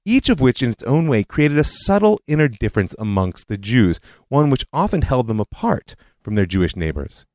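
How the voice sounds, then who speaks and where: A man hosting a history podcast, telling it as a scripted lecture with animated storytelling and personal asides. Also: mid-range voice, moderate pace, hardly any pauses, dry recording.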